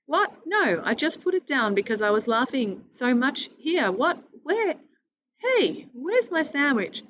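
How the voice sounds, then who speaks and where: A woman voicing a cheeky little girl, excitable, high voice, storybook, dull lo-fi sound. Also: normal speed, a little hiss or hum. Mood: indignant.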